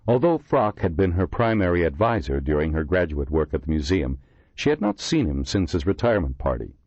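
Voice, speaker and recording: Low voiced guy reading a horror audiobook, expressive, muffled lo-fi dry sound. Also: dry recording. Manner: expressive, measured storytelling. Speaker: audiobook narrator. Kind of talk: scripted audiobook narration. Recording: dull lo-fi dry recording.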